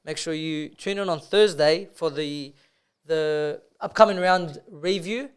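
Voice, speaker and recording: A man's voice: fairly high pitch, unhurried, smooth. A young man, co-hosting a podcast and telling rambling, sweary stories, laughing as he goes. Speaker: podcast co-host. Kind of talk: casual chat, storytelling.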